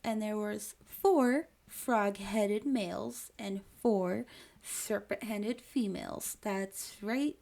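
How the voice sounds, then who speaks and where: Slow, chatty woman explaining myths. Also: medium pitch, vocal fry. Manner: chatty asides addressed to the viewer; self-deprecating about pronunciation. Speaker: mythology channel host. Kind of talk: casual educational narration.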